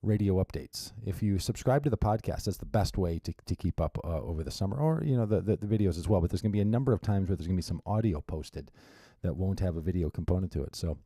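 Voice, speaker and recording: Hosting his radio show alone, a man chats casually into a studio mic, rambling with wry asides and restarts. His voice sits low and is warm and slightly rough, moving fast with few pauses, and there's no echo.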